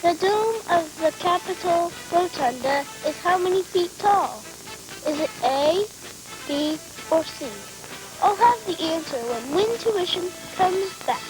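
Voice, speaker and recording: A woman's voice: very high-pitched, animated, measured pace, music in the background, low-quality recording. A woman giving a playful scripted trivia voice-over for a TV game show. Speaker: trivia segment presenter.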